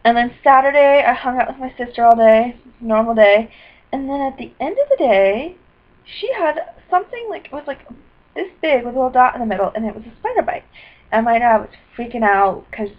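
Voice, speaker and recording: A fairly high-voiced woman rambles through a personal video diary at her computer. She keeps apologizing and jumps between topics, sometimes breaking into excited bursts. The sound is dull and lo-fi, like a built-in webcam mic. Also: fairly quick. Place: indoors at a computer.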